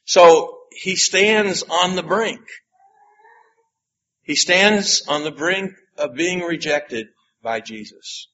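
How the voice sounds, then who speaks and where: Slow, emphatic male preacher. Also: fairly high pitch, fairly bright tone, lo-fi sound. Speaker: pastor. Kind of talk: sermon.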